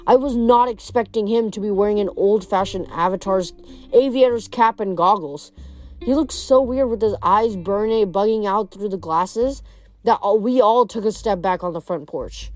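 A woman reading a novel aloud, steady and expressive. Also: mid-range voice, moderate pace, dry recording, soft background music. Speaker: reader. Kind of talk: audiobook narration.

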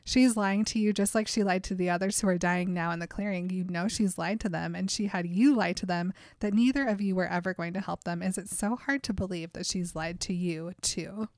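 A woman voicing a calm young man who quietly warns a rival, in a low, earnest tone. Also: brisk, hardly any pauses, dry recording, clean studio sound, natural voice. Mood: warning.

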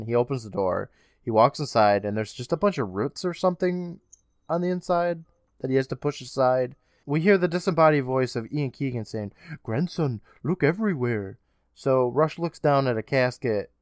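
A man's voice: medium pitch, no room sound, studio quality. Chatty man recapping a TV episode. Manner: chatty, swears casually, sarcastic asides. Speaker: podcast co-host.

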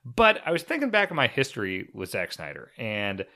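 Man, low voice, very lively pitch, casual podcast chat, rambling with many fillers. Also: fairly quick. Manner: rambling, animated, lots of fillers and restarts. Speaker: podcast co-host.

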